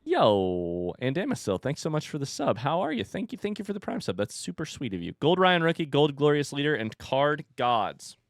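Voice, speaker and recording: A man streaming from home, chatting casually and telling an animated story between laughs. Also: a little high, moderate pace, hardly any pauses, no room sound, clean studio sound. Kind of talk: casual chat. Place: home room with a standing desk.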